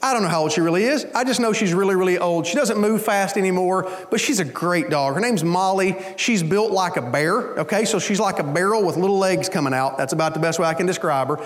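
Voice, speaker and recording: High-voiced male pastor in a reverberant hall. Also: fast, hardly any pauses. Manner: conversational storytelling, folksy asides. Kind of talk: sermon.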